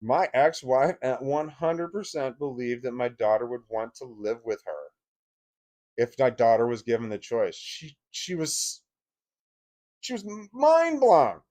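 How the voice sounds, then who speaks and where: A man's voice: medium pitch, expressive, measured pace, darkish tone. A man telling a personal story in a vlog, emotional and blunt, swearing freely and often restarting his sentences. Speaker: vlogger.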